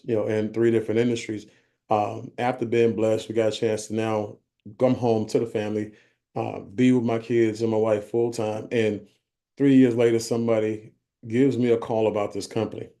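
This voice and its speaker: A man's voice: lowish voice, little pitch movement, moderate pace, dark tone. A man giving a conversational business presentation to a group, often checking in with his listeners. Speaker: company vice president presenting.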